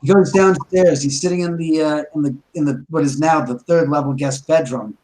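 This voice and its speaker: A man's voice: fairly high pitch, normal speed, darkish tone, poor audio. A man casually telling a ghost story about his house, rambling with restarts and acting out quoted dialogue.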